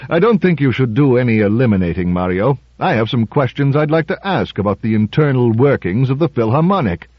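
A man's voice: medium pitch, lively intonation, a little fast, breathy edge, dry recording, dull audio, voice pushed up. A man doing a stiff, formal lawyer. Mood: objecting. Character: formal dignified male lawyer.

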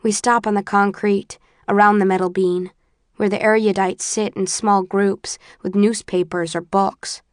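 A woman reading a first-person story aloud in a measured, often quiet and subdued way. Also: medium pitch, flat delivery, dry recording, clean studio sound. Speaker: audiobook narrator. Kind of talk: first-person audiobook narration.

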